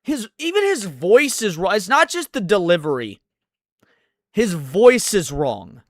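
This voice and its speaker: A man's voice: high voice, big pitch swings, a little slow, no room sound. A male streamer ranting through a reaction video, swearing constantly. His voice rises and falls a lot, and the recording is dry and close. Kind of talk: profane reaction commentary.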